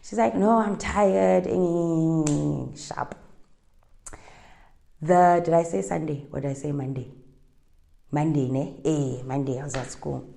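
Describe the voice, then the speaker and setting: A woman's voice: low-pitched, steady tone, slow pace, creaky, pauses often, mellow. A young woman with a South African accent telling a personal story in a chatty, winding way, dropping Setswana phrases into her English. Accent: South African, Setswana-speaking. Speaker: interviewee.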